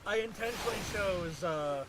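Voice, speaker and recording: A man rambles through casual gaming chat, trips over his words and restarts his sentences, and swears now and then. His voice sits fairly high, with game music clearly audible behind him. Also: normal speed. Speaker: co-player.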